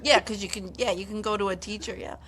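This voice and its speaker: An older woman who teaches high school business, chatting casually as a guest. She is encouraging and laughs along. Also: steady tone, quick pace, a bit bright, a little hiss or hum. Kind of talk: casual chat.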